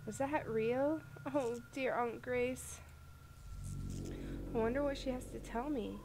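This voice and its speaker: A woman hosting a let's-play video, reading the game's dialogue aloud and reacting gently. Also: fairly high pitch, slow pace, a little hiss or hum. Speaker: gaming video host.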